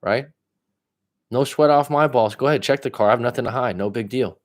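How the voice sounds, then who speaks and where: A man giving casual coaching advice on a livestream, blunt and profane. He speaks straight to one viewer, swinging between loud emphasis and low asides. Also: brisk. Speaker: life coach.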